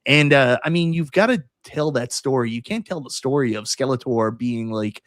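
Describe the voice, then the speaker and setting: An excitable middle-aged man chatting casually as a podcast host. His voice sits at an ordinary pitch and he talks with animated fan energy. The sound is close and dry. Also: normal speed, no echo. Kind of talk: casual chat.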